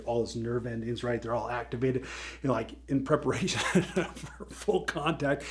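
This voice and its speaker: A man hosting a casual Christian teaching talk, telling a story in an animated way with lots of fillers. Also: medium pitch, normal speed. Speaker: Christian teacher, podcast host.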